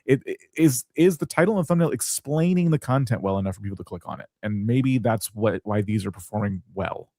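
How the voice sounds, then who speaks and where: Guy co-hosting a live channel review, thinking out loud, dry close mic. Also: lowish voice, lively intonation, a little fast, hardly any pauses, no echo. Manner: thoughtful, analytical.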